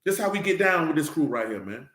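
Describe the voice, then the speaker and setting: Male preacher, high voice, fiery, slangy, rhetorical questions, echoey room. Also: sing-song, fast, fairly bright tone. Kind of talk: informal sermon and Bible teaching.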